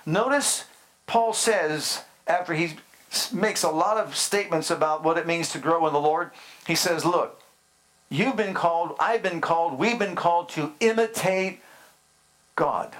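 Male pastor, middle-aged, slightly high voice; deliberate, drawn-out sermon delivery with questions to the flock. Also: a bit bright. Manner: emphatic preaching with slow drawn-out phrases and rhetorical questions.

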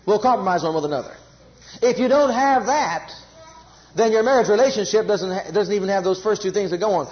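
A man preaching a sermon in an animated way, repeating phrases for emphasis and acting out everyday quarrels. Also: high voice, brisk, dull audio.

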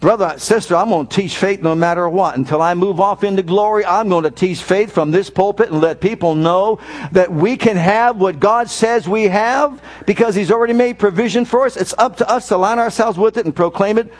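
A man preaching a sermon as pastor from the pulpit, animated, with mocking asides. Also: sits high, a little fast. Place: church.

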